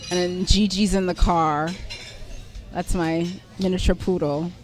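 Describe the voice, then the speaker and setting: Animated middle-aged woman telling a story. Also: fairly low pitch, a little slow, faint music behind. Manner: animated, laughing, self-deprecating. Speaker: guest storyteller. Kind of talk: conversational storytelling.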